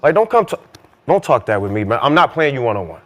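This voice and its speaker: A man co-hosting a podcast couch chat, firing off rapid, repetitive trash talk packed with fillers. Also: mid-range voice, big pitch swings, fairly bright tone. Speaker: podcast co-host, former basketball player. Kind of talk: heated casual podcast banter.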